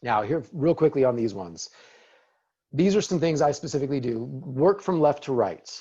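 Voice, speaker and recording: Man, casual webinar talk, encouraging, mellow voice, slightly dull lo-fi audio. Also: medium pitch, lively intonation, moderate pace, breathy edge. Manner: upbeat, encouraging, conversational. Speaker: real estate team leader giving a video training.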